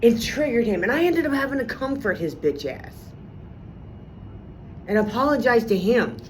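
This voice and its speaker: A woman's voice: expressive, moderate pace, a little hiss or hum. A woman venting in a heated, profane, emphatic monologue to her viewers. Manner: heated, profane and emphatic, with sudden pitch swings. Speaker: vlogger.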